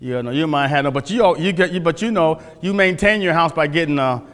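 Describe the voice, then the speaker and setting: A man's voice: on the high side, brisk, fairly bright tone. A man teaching a Bible class, folksy, questioning his listeners, often restarting his sentences. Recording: echoey hall.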